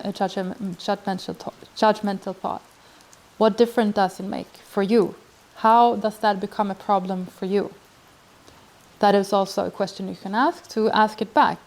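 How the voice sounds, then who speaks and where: A woman's voice: medium pitch, darkish tone. Woman talking through self-help advice. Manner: thoughtful, acts out example dialogues, frequent restarts. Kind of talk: casual advice talk.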